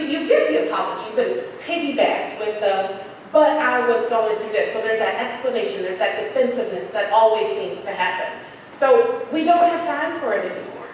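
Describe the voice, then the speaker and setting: Animated woman telling a story in an echoey hall. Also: medium pitch. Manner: animated, acts out quoted voices. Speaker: speaker. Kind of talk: storytelling talk to an audience. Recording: echoey hall, distant mic, faint noise.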